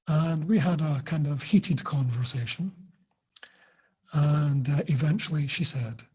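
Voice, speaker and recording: Husky man teaching online. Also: mid-range voice, slow, darkish tone. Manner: storytelling, explaining with examples. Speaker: teacher trainer.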